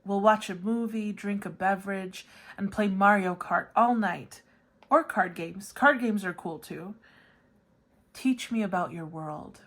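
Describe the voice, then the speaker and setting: A woman tarot reader delivering a playful love letter, joking in a sing-song way and turning soft and earnest in the serious parts. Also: medium pitch, a little slow. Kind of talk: channeled love letter reading.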